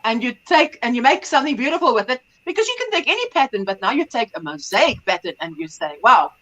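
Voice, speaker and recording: A woman hosts a relaxed craft livestream and greets viewers by name as she chats. Her voice sits high and sounds clear and bright. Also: fast talker, rough recording. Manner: chatty, greets viewers by name, laughs often. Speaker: livestream host. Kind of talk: casual livestream chat.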